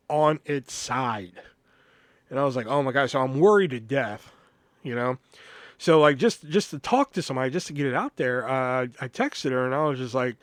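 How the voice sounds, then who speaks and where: A man's voice: medium pitch, a bit bright, no room sound. A man in his thirties telling a casual, profane, rambling story as a podcast host, full of filler words, on a close mic.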